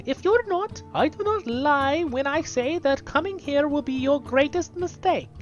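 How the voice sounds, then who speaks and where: A man putting on a high voice for a proud huntress. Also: expressive, a little slow, dull audio, faint music behind. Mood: stern. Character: proud young woman hunter.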